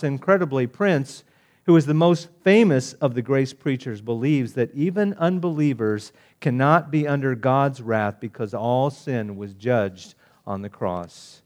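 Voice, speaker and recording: A man preaching a sermon, swinging between loud emphatic declarations and hushed, gentle appeals. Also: mid-range voice, moderate pace.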